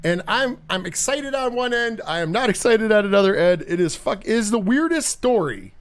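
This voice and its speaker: A man hosting a podcast in casual chat, animated and profane, rambling with restarts. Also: high voice, normal speed. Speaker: podcast host.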